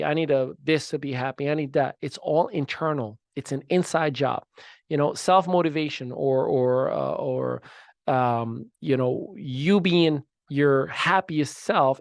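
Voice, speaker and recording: Emphatic, gravelly-voiced male motivational host. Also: medium pitch, dry recording, clean studio sound. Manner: emphatic, preachy, swings from loud to soft. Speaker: podcast host. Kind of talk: motivational talk to entrepreneurs.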